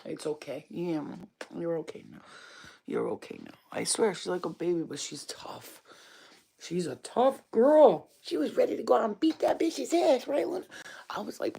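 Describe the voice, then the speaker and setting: A woman's voice: deep voice, big pitch swings, moderate pace, gravelly, darkish tone, breathy edge. A woman chatting casually on a live stream from her home at night, full of slang and swearing, slipping into cooing baby talk for her dog. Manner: profane, slangy street talk.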